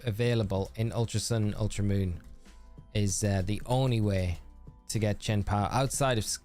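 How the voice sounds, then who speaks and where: Man, streamer, low voice, chatty, reads out chat, faint music behind. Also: darkish tone. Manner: chatty, reads viewer messages aloud and answers them. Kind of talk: live game-stream chat.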